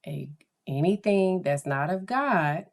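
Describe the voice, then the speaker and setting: A woman's voice: on the low side, animated, slow, creaky. A woman psychologist hosting her podcast in casual, chatty talk, often acting out the voices of people she quotes.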